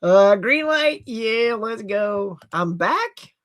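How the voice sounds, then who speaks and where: A man hosting a casual livestream from his home setup, chatting about new movie releases in an animated way and laughing at himself. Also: high voice, drawn-out words. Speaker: livestream host. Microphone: computer with HD webcam.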